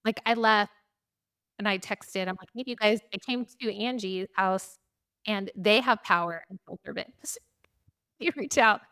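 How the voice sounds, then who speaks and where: A middle-aged woman telling a chaotic travel story in a casual chat, animated and laughing often, acting out quotes in a higher voice. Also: a little slow, clear, resonant tone. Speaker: podcast host.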